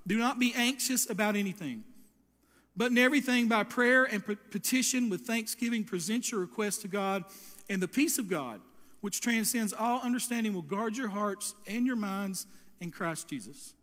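High-voiced impassioned preacher in a hall. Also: male voice, normal speed, fairly bright tone. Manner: impassioned preaching, often restarts phrases. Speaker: pastor. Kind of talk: sermon.

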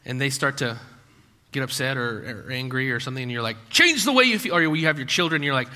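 A man's voice: medium pitch, steady tone, fast, pushed and bright. A man preaching a sermon in a conversational way, full of rhetorical questions and acted-out quotes. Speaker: pastor. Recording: long hall reverb.

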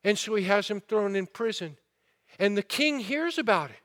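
A man's voice: high voice, expressive, normal speed, fairly bright tone. A man preaching a sermon, asking the listeners rhetorical questions and retelling a parable with rising fervor. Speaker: pastor.

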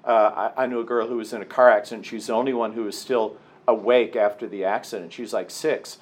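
A man leading a prayer workshop with a group, talking conversationally, with restarts and slow emphasis. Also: fairly low pitch, fairly even intonation. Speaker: workshop leader. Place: meeting room with a group.

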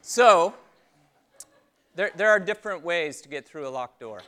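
Bright-voiced man preaching a story. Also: on the high side, slight background noise. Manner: storytelling, animated, then slow and hushed for reflection. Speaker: pastor. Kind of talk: sermon.

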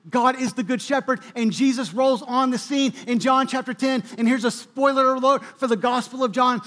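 A man's voice: very high voice, steady tone, normal speed, hardly any pauses, fairly bright tone. A male pastor delivering a sermon, preaching with bursts of emphasis and occasional restarts. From New England, US.

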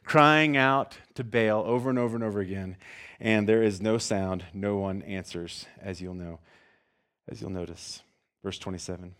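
A man preaching with lots of energy, jumping between quiet asides and loud acted-out bursts. His voice sits in a middle pitch and swings widely as he jokes with the congregation. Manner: animated, jokey, acts out scenes with sudden loud shouts. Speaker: pastor. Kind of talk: sermon.

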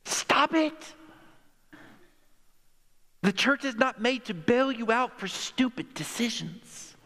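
A man's voice: very high voice, animated, measured pace, fairly bright tone. A male pastor preaching a sermon in a conversational, emphatic way, acting out quotes in the stories he tells. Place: church sanctuary. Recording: long hall reverb.

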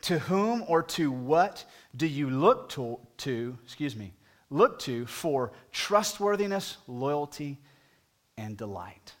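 A pastor preaching a sermon, talking conversationally and putting direct questions to the congregation, his voice climbing higher and louder at emphatic moments. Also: sing-song, slow. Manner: rises in pitch and volume at emphatic points.

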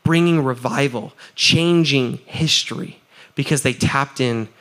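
A man preaching a sermon as pastor, energetic and chatty, asking the crowd for answers and often adding "right?". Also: mid-range voice, unhurried. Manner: laughs often, repeats "right?".

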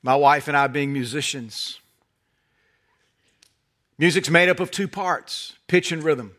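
Southern preacher, middle-aged man, high bright tone, folksy animated sermon delivery. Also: slow pace. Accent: Southern American. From North Carolina. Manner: animated storytelling, folksy humor, drops to soft intensity.

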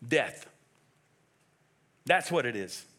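A man preaching a sermon as pastor, emphatic and animated, firing off rhetorical questions. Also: mid-range voice, very slow.

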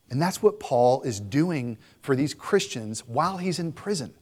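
A man's voice: mid-range voice, measured pace, few pauses, in a large hall. A young man preaching a sermon, shifting between casual asides and impassioned readings of scripture. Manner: animated preaching, voices scripture passages with rising intensity; conversational asides with fillers. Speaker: pastor.

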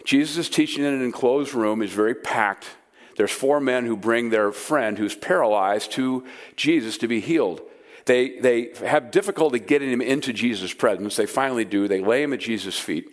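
A man's voice: mid-range voice, moderate pace. A man preaching a sermon to a live audience in a room, conversational and emphatic. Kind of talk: sermon teaching.

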